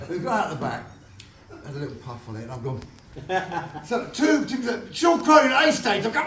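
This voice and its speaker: A man holds forth at a fan event with a bright, bouncing voice that swings widely in pitch, slipping into other characters' voices as he tells his stories. He sounds a little distant from the microphone, his words ringing around a large echoing hall while an audience murmurs behind him. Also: moderate pace. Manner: animated, laughing, acts out voices in his stories. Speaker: guest actor on a fan event panel. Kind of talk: anecdotal storytelling to an audience. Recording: echoey hall, distant mic, crowd.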